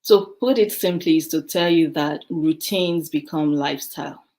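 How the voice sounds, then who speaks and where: Low-voiced African woman telling stories. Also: normal speed. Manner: lively storyteller, laughs often. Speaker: guest, beautician. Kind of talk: casual interview storytelling.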